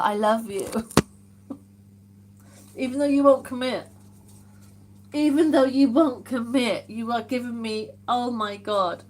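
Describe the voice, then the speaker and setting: A woman's voice: fairly high pitch, slow, pauses often. A woman hosting a casual live stream from home, reading viewer comments aloud and reacting with amused exclamations. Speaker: livestream host.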